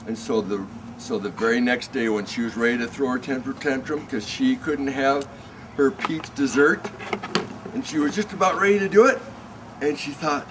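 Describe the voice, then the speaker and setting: A man telling a bedtime story to a child in a gentle, animated way, in a noisy home recording. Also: mid-range voice, moderate pace.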